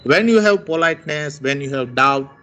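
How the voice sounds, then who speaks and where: A man's voice: fairly high pitch, animated, bright, forceful tone, soft background music. A man teaching a lesson on intonation, stretching his rises and falls to demonstrate each tone. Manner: slow, exaggerated rises and falls to demonstrate tones. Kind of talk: lecture on intonation.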